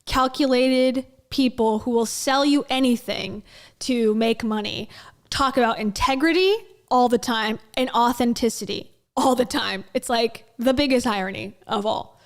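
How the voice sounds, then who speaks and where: A woman's voice: fairly high pitch, measured pace. A woman giving blunt, sarcastic reaction commentary on a clip she is playing. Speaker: commentary YouTuber.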